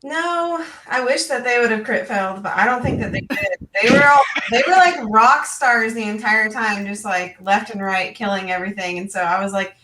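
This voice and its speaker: A woman's voice: mid-range voice, a little fast, pushed and bright. A woman, a newer game master, chatting casually on a panel with frequent ums. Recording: echoey room, distant mic.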